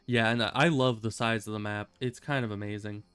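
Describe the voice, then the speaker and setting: A man's voice: on the low side, fairly even intonation, a little fast, a bit bright, clean tone, no echo, soft background music. A man streaming a video game, chatting casually and rambling with self-amused asides. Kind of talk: casual gameplay commentary.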